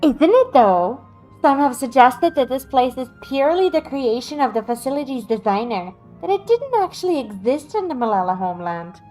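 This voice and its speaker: High bright museum tour guide, formal n courteous, game voice, faint music behind. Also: female voice, big pitch swings, normal speed, low-quality recording. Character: polished female museum guide hosting a quiz. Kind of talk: video game voice acting.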